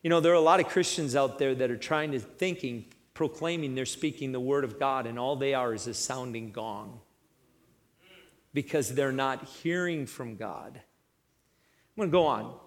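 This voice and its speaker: A man preaching a sermon, retelling a scripture story with lively energy and frequent asides. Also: medium pitch, moderate pace, in a large hall. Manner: energetic, acts out characters, frequent "right?".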